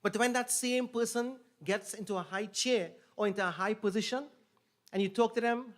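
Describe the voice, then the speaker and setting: A man's voice: sits high, moderate pace, a bit bright. A man giving a sermon as a pundit, telling the story with repeated phrases and rising emphasis on key points. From Trinidad and Tobago. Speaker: pundit officiating a yagna.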